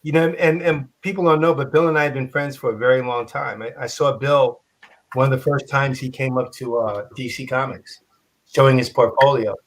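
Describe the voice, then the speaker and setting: A man telling an animated, profane story on a convention panel, acting out quotes and laughing. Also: mid-range voice, a little fast, slight background noise. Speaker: comic artist panelist.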